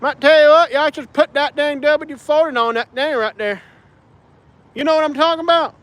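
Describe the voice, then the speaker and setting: A man's voice: very high-pitched, steady tone, normal speed, fairly bright tone, pitched above the performer's own voice. A man putting on an exaggerated Appalachian hillbilly accent, playing a rural Southern man drawling folksy advice. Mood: hollering. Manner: drawling, hollering, exaggerated put-on.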